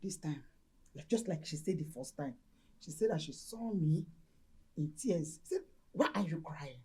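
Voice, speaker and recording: An excitable Nigerian mother, husky and lively. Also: low-pitched, moderate pace, exaggerated voice. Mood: uneasy. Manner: exclaims loudly, mixes Igbo into English. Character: excitable middle-aged mother, married, children grown. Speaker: actress in a film. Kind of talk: Nollywood film acting.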